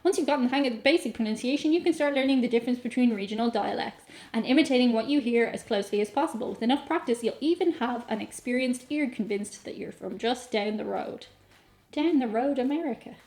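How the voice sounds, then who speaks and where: A woman's voice: fairly high pitch, fast, few pauses, darkish tone. Playful Irish woman, chatty vlogger. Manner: playful, self-mocking, reads aloud and riffs. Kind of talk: casual comedic chat to camera.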